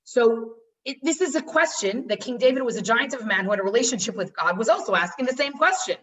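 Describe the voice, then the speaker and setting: A woman's voice: a little high, animated, quick pace, fairly bright tone, recorded from a distance, poor audio. A woman teaching a class, earnest and storytelling, often repeating words for emphasis.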